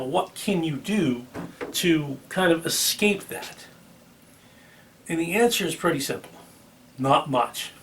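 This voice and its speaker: Speaking to the camera on his car channel, a Boston-accented man keeps things chatty, full of ums and restarts. His voice is on the high side and a bit bright, picked up by a distant mic.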